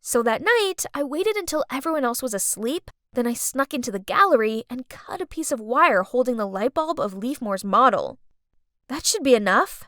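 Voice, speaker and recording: A woman narrating an animated story in the first person, expressive and dramatic. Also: fairly high pitch, moderate pace, no room sound, studio quality.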